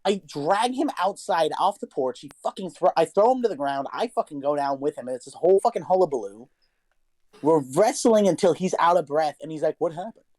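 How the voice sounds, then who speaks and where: A man's voice: on the high side, expressive, a little fast, darkish tone, no echo. A young man co-hosting a podcast, telling a story in casual chat, swearing a lot and talking with animation. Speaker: podcast co-host.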